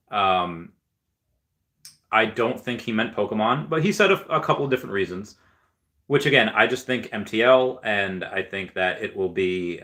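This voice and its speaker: A man talks through a casual vlog in a lowish voice with a bright, forward tone. He rambles, restarts his sentences and chuckles often. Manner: rambling, many fillers and restarts, frequent chuckles. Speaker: gaming and crypto video host.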